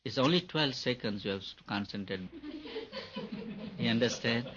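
A man's voice: mid-range voice, normal speed, pauses often, a bit bright, slight background noise. A man giving a spiritual talk on meditation, repeating his points for emphasis. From India. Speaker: meditation teacher. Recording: dull lo-fi recording.

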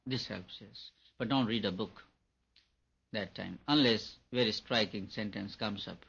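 A man's voice: on the low side, unhurried, creaky, a bit bright, husky. A man giving a spiritual talk on meditation, repeating his points for emphasis. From India. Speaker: meditation teacher. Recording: dull lo-fi recording.

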